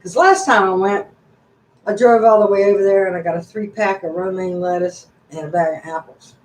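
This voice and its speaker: An older woman, a channel host, rambles through a casual live-stream chat in a folksy, chatty way. Her medium-pitched voice is steady and a little fast, with some hiss or hum in an echoey room.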